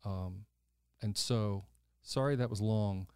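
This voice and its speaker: This older podcast host speaks slowly in a mellow, lowish, clean-toned voice, captured in a clean studio with no room sound. Telling a story in casual conversation, he stays animated and blunt, swearing easily and voicing the people he quotes.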